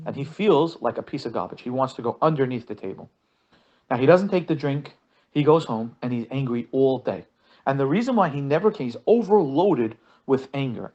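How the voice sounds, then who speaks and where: A man's voice: fairly high pitch, darkish tone, dull audio. A man teaching as a rabbi, telling examples and often repeating his first words. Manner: repeats words when starting sentences, acts out quotes. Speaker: rabbi teaching a marriage course. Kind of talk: lesson with storytelling examples.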